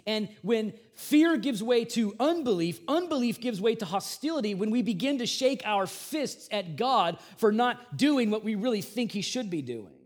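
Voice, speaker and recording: A male pastor delivers a sermon with a fairly high voice. He preaches in an animated, conversational style and drops in casual slang.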